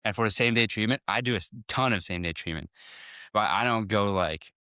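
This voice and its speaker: Man, low pitch, clear smooth voice, dry sound, quick restarts. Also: bright, forceful tone, no room sound. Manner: fast, full of restarts, acts out patient talks. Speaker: dentist guest. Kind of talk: casual podcast interview.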